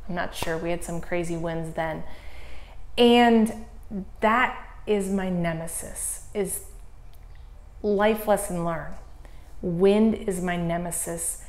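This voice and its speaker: A woman's voice: fairly low pitch, takes it slowly, pauses often, roomy sound. A woman in her forties, a triathlon coach, giving a casual race report in a blunt, candid way, swearing freely and acting out her own inner dialogue. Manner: lively retelling with self-quoted inner dialogue.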